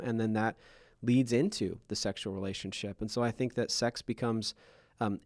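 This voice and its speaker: Low-pitched man in his 30s, podcast host, candid and self-revealing, dry close sound. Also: dry recording. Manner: open, self-revealing storyteller with frequent fillers.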